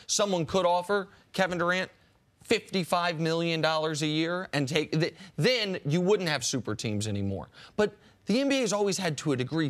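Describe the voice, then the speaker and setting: A man talks sports on a radio show in a casual debate style. His voice sits a little high for a man, and he gets animated before sinking low and quiet to land each point. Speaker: sports talk show host.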